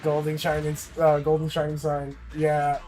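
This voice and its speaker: Excitable swearing male game streamer. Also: fairly high pitch, moderate pace, soft background music. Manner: swings between grumbling and excited cheering, swears often. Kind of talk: live-streamed gaming chat.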